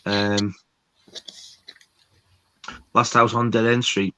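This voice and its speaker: Hesitant low-voiced man. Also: little pitch movement, drawn-out words, noisy background. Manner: hesitant, many ums, dry verdicts. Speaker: co-host of a film live stream. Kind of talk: casual chat.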